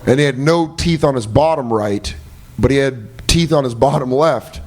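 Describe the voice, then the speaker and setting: A man's voice: medium pitch, moderate pace, a little mellow, soft background music. A young man, a comedian and guest on a podcast, telling profane stories casually and laughing as he talks. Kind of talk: casual storytelling chat.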